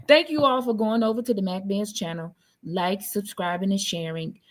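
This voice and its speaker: A woman hosting a livestream, effusive and upbeat as she talks to her guest and viewers. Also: mid-range voice. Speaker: livestream host. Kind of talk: casual chat.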